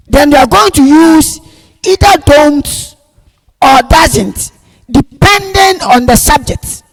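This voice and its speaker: Man, grammar teacher, very high gravelly voice, slow repetitive delivery, loud emphasis on key words. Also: animated. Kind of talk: classroom grammar lesson. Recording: long reverb, echoey room.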